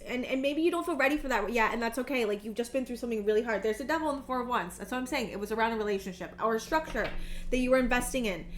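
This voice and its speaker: Slight background noise sits behind a tarot reader in her thirties whose slightly high voice wavers with tears. Earnest and emotional, she delivers an intuitive reading full of fillers, stumbling, looping back, and starting sentences over.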